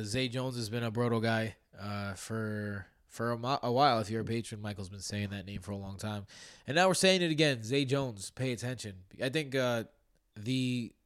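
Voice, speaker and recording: Playful man reading football injury news. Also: mid-range voice. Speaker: fantasy football podcast host. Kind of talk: casual sports podcast news rundown.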